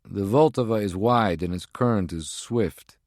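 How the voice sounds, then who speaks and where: A man's voice: on the low side, measured pace, a little mellow, dry recording, studio quality. A man voicing a male henchman who reports by secure phone in an urgent, clipped, strained way. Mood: tense.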